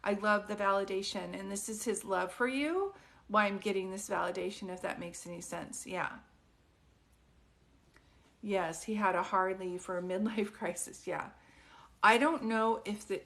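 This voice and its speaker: Soft-spoken woman giving a live reading. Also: medium pitch, normal speed, gravelly. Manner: soft, consoling, often asks questions. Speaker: psychic medium. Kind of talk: live-stream reading, casual and chatty.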